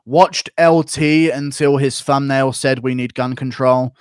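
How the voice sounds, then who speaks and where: A man's voice: mid-range voice, steady tone, unhurried, clean tone, dry recording, clean studio sound. An American man hosting a livestream who reads out donations and rants with lots of swearing. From United States. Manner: profane, opinionated ranting. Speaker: streamer host. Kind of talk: livestream commentary, reading donations.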